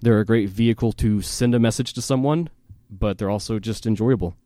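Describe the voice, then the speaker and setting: Animated male podcast storyteller. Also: on the low side, a little fast, no echo, clean studio sound. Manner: animated storyteller, fillers and self-laughs. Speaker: podcast host. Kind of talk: casual storytelling chat.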